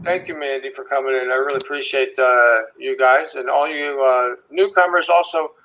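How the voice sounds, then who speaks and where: A man's voice: medium pitch, fairly even intonation, moderate pace, sharp tone, highs cut off. A man co-hosting a casual livestream, loose and profane, greeting viewers by name. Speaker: livestream co-host.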